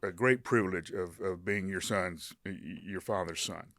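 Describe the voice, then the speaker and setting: An older man hosts a podcast in a low voice, halting and restarting often. He livens up when he tells a story. The sound is dry and close. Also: dry recording. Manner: halting, many restarts and fillers, animated when retelling stories. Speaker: podcast host. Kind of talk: conversational interview.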